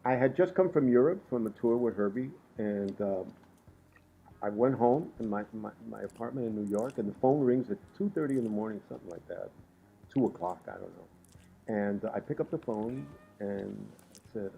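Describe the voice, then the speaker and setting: A man from Puerto Rico, a guest musician, telling animated stories with frequent laughs. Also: on the low side, normal speed, vocal fry, slight background noise, low-quality recording. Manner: lively, laughs often while telling stories. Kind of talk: animated storytelling in conversation.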